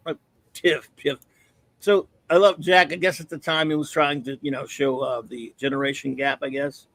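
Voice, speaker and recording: A man's voice: fairly high pitch, little pitch movement, fairly quick, vocal fry, fairly bright tone, no room sound. A man co-hosting a casual comic book chat, blunt and opinionated. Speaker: podcast co-host.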